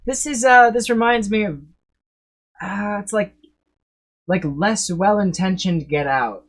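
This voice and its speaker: A man's voice: high-pitched, measured pace, a bit bright. A man streaming live, rambling through reaction commentary, swearing freely and laughing often as he talks.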